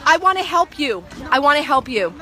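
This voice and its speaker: A woman's voice: sits high, big pitch swings, brisk, sharp tone, faint music behind, some chatter behind. A woman filming with a handheld phone at an outdoor market, lecturing people insistently and preachily about the law. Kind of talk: impassioned street lecturing.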